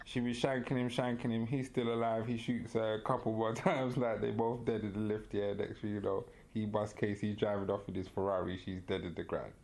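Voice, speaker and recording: A man's voice: on the low side, level tone, a little fast, vocal fry, few pauses, a little mellow. A man co-hosting a podcast, animatedly retelling a story in casual chat, full of slang and laughter. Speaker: podcast co-host.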